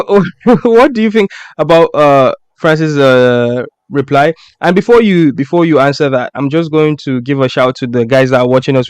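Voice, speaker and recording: Smooth-voiced man hosting a live stream. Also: medium pitch, no echo. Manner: laughs often, reads tweets aloud. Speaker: podcast host. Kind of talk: casual live-stream chat.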